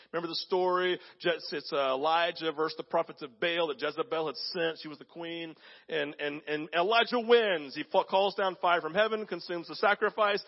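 A man preaching a sermon as pastor, animated, acting out voices, sometimes dropping to a hushed tone. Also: on the high side, muffled recording. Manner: animated, acts out voices in quotes; drops to soft, hushed tones for emphasis.

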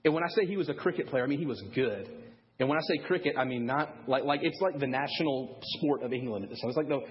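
A man preaching a sermon to parents, telling a story in a lively way and acting out the people he quotes. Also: medium pitch, fast, muffled recording. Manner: animated storyteller, acts out quoted voices. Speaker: pastor.

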